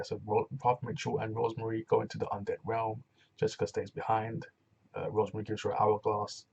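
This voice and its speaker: Gravelly-voiced man reviewing a wrestling show. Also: lowish voice, slight background noise. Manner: rambling, animated retelling with acted quotes and laughs. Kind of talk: casual solo show review.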